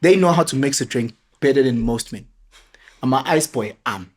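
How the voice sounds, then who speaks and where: A middle-aged man with a South African accent, telling animated parenting stories in a casual podcast chat. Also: medium pitch, normal speed. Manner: animated storyteller, mixes local words into his talk. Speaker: father sharing parenting stories.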